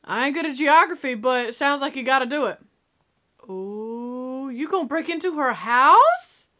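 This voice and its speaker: A sassy young woman gives excited reaction commentary on a movie. Her voice is high, bright and very lively. A little noise sits behind her. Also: moderate pace. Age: young adult. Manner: sassy, excitable, talks back to the screen.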